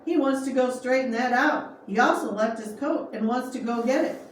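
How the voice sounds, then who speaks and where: A woman voicing a calm, kind middle-aged man preacher who speaks plainly and earnestly. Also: on the high side, normal speed, lightly acted. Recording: echoey room, far from mic, faint noise.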